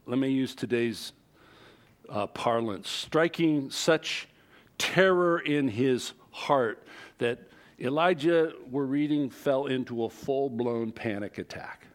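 A man preaching a sermon who reads scripture aloud and explains it conversationally. He stresses words with sudden rises in pitch and loudness. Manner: expressive, with big jumps in pitch and loudness for emphasis. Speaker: pastor.

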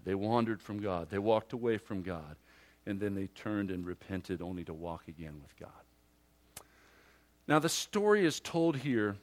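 A male pastor preaching a sermon emphatically, swinging from loud declarations to hushed asides and acting out imagined listeners. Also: lowish voice.

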